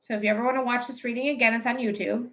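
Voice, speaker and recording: Woman, high voice, casual livestream psychic host, affectionate, rambly. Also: steady tone, very fast. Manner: affectionate toward viewers, calls them my love; rambling, with many fillers and restarts.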